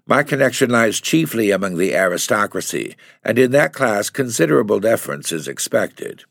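A man's voice: fairly low pitch, sing-song, normal speed, vocal fry, fairly bright tone, dry recording, clean studio sound, voice pushed up, heavily acted. A man reading aloud, voicing a haughty, severe woman who runs an employment agency in a storybook. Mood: cold. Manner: crushing, severe, condescending.

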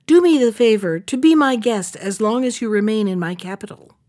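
A woman reading the lines of a proud, excitable old king in a fairy tale, exclaiming and commanding. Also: on the high side, brisk, dry recording, studio quality, close to an everyday voice.

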